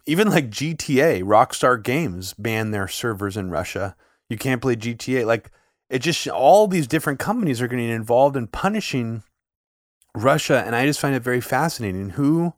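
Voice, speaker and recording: A man's voice: mid-range voice, dry recording, studio quality. A man hosting a casual political chat, asking puzzled questions with many fillers. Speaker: host.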